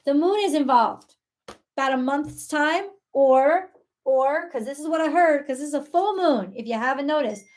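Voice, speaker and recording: High-voiced excitable woman reading tarot. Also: normal speed. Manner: excitable, talks to God and viewers, swears casually. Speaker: tarot reader. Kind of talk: live tarot reading chat.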